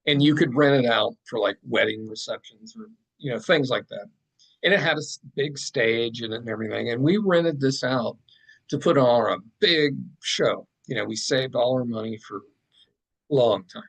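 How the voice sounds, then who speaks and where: A man, a podcast guest and artist, telling a story in a casual, animated way with plenty of fillers and asides. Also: medium pitch, moderate pace, vocal fry, poor audio.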